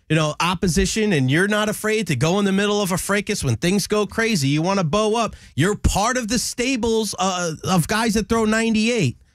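A man's voice: high-pitched, no room sound, studio quality. A male sports radio host ranting in a heated, scolding way, hammering his points again and again. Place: radio studio.

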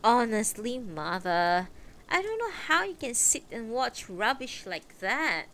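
A woman's voice: on the high side, very animated, slow, fairly bright tone, full character voice. A woman reading aloud, voicing a blunt young woman who answers her mother offhandedly.

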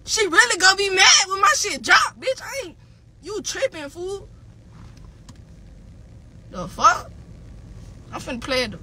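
A woman's voice: high-pitched, bright, forceful tone, a little hiss or hum. A woman rapper ranting angrily on a livestream. She swears constantly and keeps hammering the same insults and phrases. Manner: heated, profane, repeats insults. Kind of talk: angry livestream rant.

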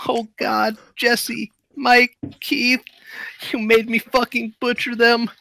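A man voicing a frightened young captive who begs to be let go, repeating himself in a gravelly, whimpering plea. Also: very high voice, little pitch movement, slow, pushed and bright, no room sound, exaggerated voice. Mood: begging. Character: panicked young man begging to go home.

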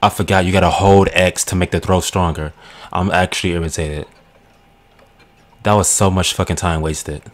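A man's voice: sits low, steady tone, moderate pace, long pauses. A young man doing let's play commentary, swearing a lot and talking at the screen. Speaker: gaming channel host. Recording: game music behind the voice. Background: game music.

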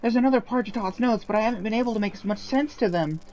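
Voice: quick pace, a little mellow, a little hiss or hum, lightly acted, rough recording. A gamer voicing a guilt-ridden young man, pleading in a raised voice. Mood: remorseful. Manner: high, pleading, emotional.

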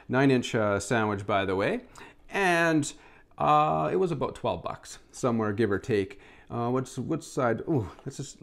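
Lively, upbeat man reviewing food. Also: vocal fry. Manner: enthusiastic, lots of mmm sounds while eating; chatty with his pet in a high, excited voice. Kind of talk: casual food review vlog.

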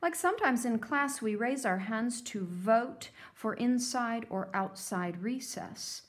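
Woman teacher, phonics lesson for kids, slow and careful, sounds words out, lively pitch. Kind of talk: phonics lesson for young children.

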